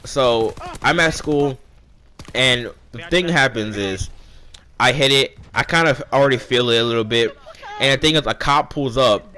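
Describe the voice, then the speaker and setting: A young man casually telling a personal story, rambling and animated as he acts out what people said. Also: mid-range voice, moderate pace. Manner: rambling, animated retelling with quoted dialogue. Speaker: vlogger.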